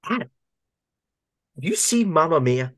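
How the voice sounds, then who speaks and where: A man's voice: a little high, very animated, measured pace, a bit bright, dry recording, clean studio sound. A man co-hosting a casual fantasy football podcast, teasing his partner in a playful way. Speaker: podcast co-host.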